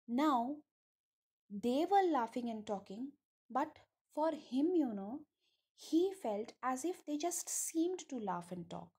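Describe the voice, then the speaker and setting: A woman's voice: a little high, warm tone, husky. A woman teacher, reading a story line by line and explaining it with rhetorical questions. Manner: reads a line then paraphrases it, asking rhetorical questions. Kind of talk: explaining a story text to students.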